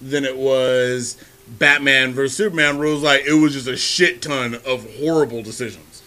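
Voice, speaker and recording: A man co-hosting a podcast in relaxed, profane casual chat that builds to excited bursts. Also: medium pitch, moderate pace. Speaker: podcast co-host.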